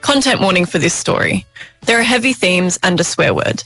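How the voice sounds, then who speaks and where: A woman hosting an audio storytelling show, announcing in a clear, even way. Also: lowish voice, moderate pace, dry recording, faint music behind. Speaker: radio show host. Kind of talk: scripted presenting.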